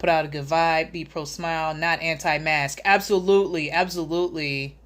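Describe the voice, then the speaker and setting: Woman, fairly low voice, casual livestream host, reads chat aloud, sarcastic jokes, laughs a lot. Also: steady tone, normal speed, a bit bright. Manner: reads chat comments aloud and greets viewers by name; joking and sarcastic, laughs often.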